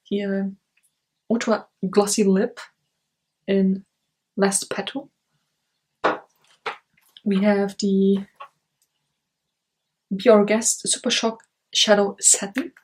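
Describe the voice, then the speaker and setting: A woman's voice: medium pitch, little pitch movement, slow, pauses often. A woman vlogging an unboxing at home, gushing and gasping over what she finds, talking into a camera mic. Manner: gushing, gasping, breathy exclamations. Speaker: beauty vlogger. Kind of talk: excited unboxing vlog. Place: home, indoors.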